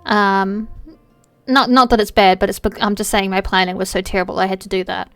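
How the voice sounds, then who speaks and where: A woman streamer chatting casually while playing a game, animated and playful, with quick asides and some swearing. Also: medium pitch, clear, resonant tone, no echo, faint music behind.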